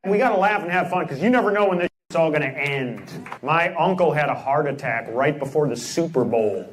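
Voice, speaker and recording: A male stand-up comedian telling jokes with quick, matter-of-fact delivery. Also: fairly high pitch, animated. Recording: noisy live recording.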